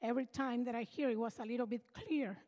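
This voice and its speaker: High-voiced older woman giving testimony. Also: quick pace, darkish tone, dull audio. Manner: earnest, emotional storytelling. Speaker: church member giving testimony. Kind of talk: personal testimony. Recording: reverberant hall.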